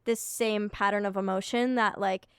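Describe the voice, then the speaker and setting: A woman's voice: medium pitch, steady tone, normal speed, smooth, no echo, studio quality. A young woman co-hosting a podcast, chatting and reflecting, often laughing. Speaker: podcast co-host. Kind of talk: casual chat.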